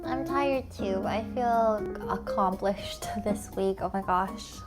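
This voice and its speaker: A woman's voice: mid-range voice, takes it slowly. A young woman streamer chatting casually with her viewers, full of "like" fillers and the odd swear, and she sounds tired. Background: faint music.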